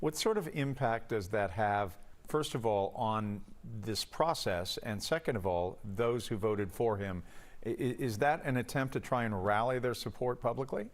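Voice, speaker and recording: A man anchoring a broadcast news program, asking guests long, measured multi-part questions. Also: mid-range voice.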